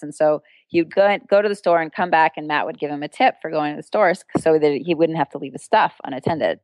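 She talks fast with few pauses and no room sound, a street performer and entertainer sharing an anecdote as an interview guest. Animated throughout, she laughs a lot and jumps up in pitch to voice the people in her story.

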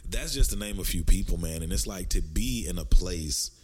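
A very low-pitched man with a Southern drawl hosts a casual podcast. He tells stories with animated swings up in pitch for emphasis and talks in a relaxed, chatty way. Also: moderate pace, slightly rough, faint music behind. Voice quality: deep voice. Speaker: podcast host.

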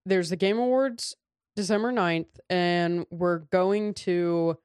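A young woman co-hosts a casual podcast, joking and teasing and often leaving thoughts unfinished. Her voice sits a little low and sounds smooth and clean. It is recorded close in a dry space. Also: slow, darkish tone, dry recording. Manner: playful, joking, trails off often. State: has hiccups. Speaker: podcast co-host. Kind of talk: casual chat.

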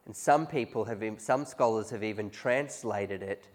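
A man's voice: fairly low pitch, normal speed. A man preaching a conversational sermon, often chuckling as he tells stories to his congregation. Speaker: pastor.

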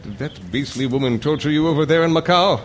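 An actor playing a jovial, chummy upper-class British army officer with a put-on British accent. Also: male voice, a little high, animated, fast talker, a little hiss or hum, lightly acted. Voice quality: chummy, plummy.

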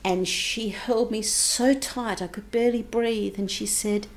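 A woman recounting a painful childhood memory in an interview, moving between hushed passages and raised, intense moments. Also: fairly high pitch, steady tone, unhurried. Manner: vivid, emotional retelling with shifts between hushed and raised intensity. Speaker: guest recounting her childhood. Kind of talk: personal storytelling.

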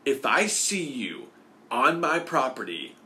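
A man puts on a stern fast-food manager who talks slowly and curtly. He keeps his voice low and flat, with a threat behind every word. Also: exaggerated voice. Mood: threatening.

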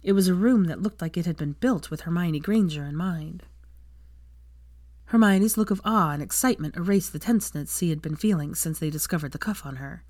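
A woman reading fan fiction aloud as a steady storybook narration. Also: deep voice, no room sound, studio quality.

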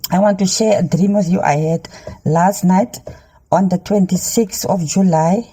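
Middle-aged woman, phone selfie in a car, earnest halting testimony, dark husky tone. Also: on the low side. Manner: halting, many ums, preachy urging. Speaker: Christian dream sharer. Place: inside a car. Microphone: handheld phone.

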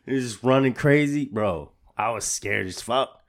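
A man's voice: medium pitch, unhurried. A man co-hosting a podcast, telling a story in casual chat, rambling with many restarts and repeated words, full of profanity and "bro". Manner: slangy and profane, says "bro" a lot. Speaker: podcast co-host.

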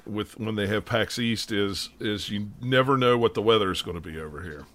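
A man co-hosting a podcast, talking in relaxed casual chat and repeating phrases as he goes. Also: on the low side, fairly quick, slight background noise. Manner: relaxed, conversational, repeats himself. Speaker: podcast co-host.

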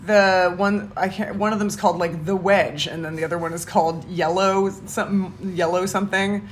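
A woman's voice: fairly low pitch, fairly even intonation, normal speed, a little hiss or hum. Rambling woman on a casual podcast. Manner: rambling, restarts, laughs often. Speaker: podcast co-host. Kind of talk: casual chat.

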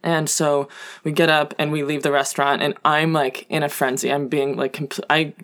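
A woman's voice: deep voice, level tone, normal speed, fairly bright tone. A young woman telling comic personal stories in a casual, self-deprecating way, full of fillers. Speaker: guest storyteller.

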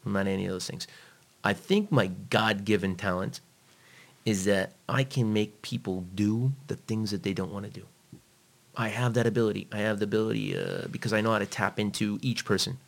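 A man's voice: lowish voice, brisk, vocal fry. A man, a fitness trainer, talking bluntly and profanely in a casual chat, acting out what he tells clients. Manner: blunt, profane, animated when quoting others.

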